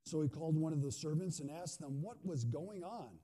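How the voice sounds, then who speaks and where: Guy preaching a sermon, kinda higher voice but dark and mellow, chatty, keeps asking right?. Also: expressive, brisk. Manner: conversational, asks the audience questions. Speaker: pastor.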